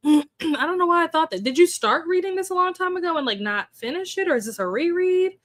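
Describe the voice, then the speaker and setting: A young woman hosting a relaxed livestream, chatting casually, greeting viewers by name and laughing often. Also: very high voice, fairly quick, no echo, clean studio sound. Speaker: livestream host. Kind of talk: casual chat with live chat readers.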